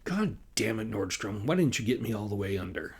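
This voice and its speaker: A man's voice: fairly low pitch, sing-song, fairly quick, husky, exaggerated voice. A man reading the lines of a blunt, driven male inventor who talks brusquely and wryly. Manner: brusque, wry.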